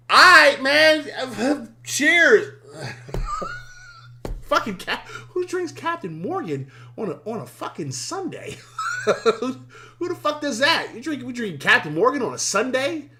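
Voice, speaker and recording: Bright-voiced excitable sports stream host. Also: male voice, very high-pitched, slight background noise. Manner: excitable, laughs often, swears freely, repeats himself. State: voice worn from yelling. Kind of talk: casual live-stream sports talk.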